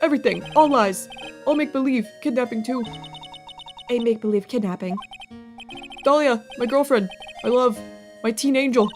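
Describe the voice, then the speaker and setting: A woman's voice: on the high side, moderate pace, pauses often, soft background music, lightly acted. A woman voicing a simple-minded grown man on death row who speaks in blunt, broken English. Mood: pleading.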